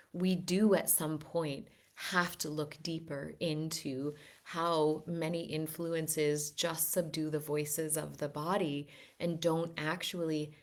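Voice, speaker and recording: Low, earnest woman teaching wellness, persuasive and unhurried. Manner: earnest, gently persuasive, with frequent restarts. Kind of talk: reflective teaching talk.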